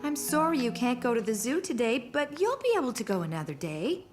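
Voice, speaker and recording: A busy, caring young mother in a children's cartoon. She reassures warmly in a high, lively voice, with music underneath. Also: a little fast. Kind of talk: cartoon voice acting.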